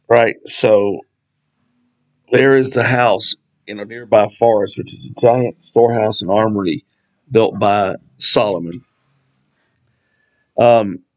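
A man's voice: fairly low pitch, fairly even intonation, slow, pauses often, rough recording. A man leading a casual Bible study, talking conversationally with asides and reading scripture passages aloud. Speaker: Bible teacher.

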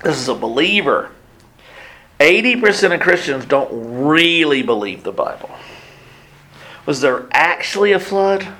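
A man's voice: fairly high pitch, very animated, a little slow, long pauses, pushed and bright. A man preaching a sermon, telling a story with acted-out quotes and sudden drops to near whispers. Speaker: pastor.

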